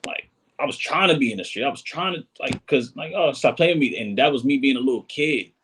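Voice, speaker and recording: A man's voice: medium pitch, animated, a little fast, a bit bright, a little hiss or hum. A man talking as a podcast guest, earnest and emphatic, often repeating his points. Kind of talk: casual podcast chat.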